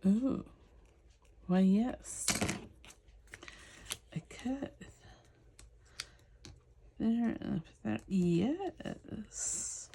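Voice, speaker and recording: A woman's voice: mid-range voice, animated, extremely slow, gravelly, long pauses, darkish tone, slight background noise. A woman with a Southern US accent chatting casually as she works on a craft project, talking to her viewers and now and then to her dog. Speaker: crafting channel host. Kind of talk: casual crafting vlog chat.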